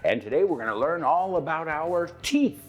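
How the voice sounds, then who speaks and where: Over soft background music and lo-fi sound, the host talks at normal speed in a fairly high, expressive voice. He runs his bilingual English lesson energetically, mixing in Spanish and acting out the example lines.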